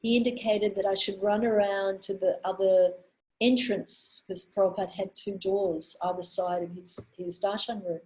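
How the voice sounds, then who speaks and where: Older lady giving a devotional talk, earnest, lots of ums and restarts, middle pitch. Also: fairly even intonation, darkish tone, poor audio. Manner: earnest storyteller, pausing on fillers and restarts. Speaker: women's minister giving a talk. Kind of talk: anecdotal spiritual talk.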